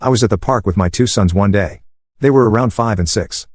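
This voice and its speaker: Low-voiced man narrating stories, dry. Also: brisk, a little mellow, no echo. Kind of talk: scripted storytime narration.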